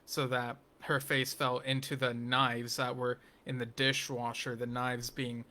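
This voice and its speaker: The speaker is a man reviewing a TV episode casually, taking his time and drifting as he talks. His voice is bright, forward and level in tone and pitch, and he keeps returning to points with ums and restarts, plus dry, geeky asides.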